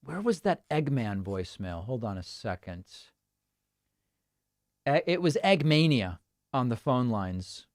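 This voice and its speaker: A man's voice: medium pitch, big pitch swings, unhurried, long pauses, no room sound, clean studio sound. A man hosting a live-stream show, chatting casually and reacting to listener voicemails and chat messages. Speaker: show host.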